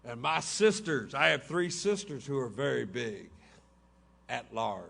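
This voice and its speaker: A man's voice: medium pitch, very animated, unhurried, creaky, fairly bright tone, slightly rough. A man telling folksy, humorous stories to a meeting in a hotel ballroom, laughing along with his own jokes. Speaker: recovery meeting speaker. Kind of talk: humorous storytelling talk.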